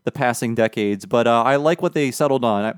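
A man hosts a podcast in an easygoing, chatty way and laughs easily. His voice sits at an everyday middle pitch. The sound is close and dry, with no room echo. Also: fairly quick, clean tone. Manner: relaxed, chatty, laughs often. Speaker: podcast host. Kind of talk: casual podcast chat.

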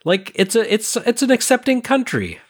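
A man's voice: very high voice, wildly swooping pitch, moderate pace. A man on a casual movie podcast, making dry, wry remarks.

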